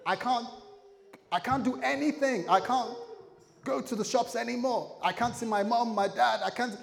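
A man doing a high, pleading suspect. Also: moderate pace, vocal fry. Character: adult man caught on camera, protesting then pleading. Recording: echoey hall, faint room noise.

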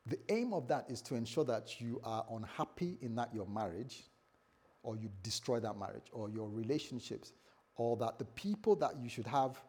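Male pastor, husky tone, animated sermon delivery with hushed lows and loud peaks, speaks his own inner voice aloud. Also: normal speed. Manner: animated preaching, jumps from quiet low lines to loud high bursts; acts out his own inner voice in quoted asides. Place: church service before a congregation.

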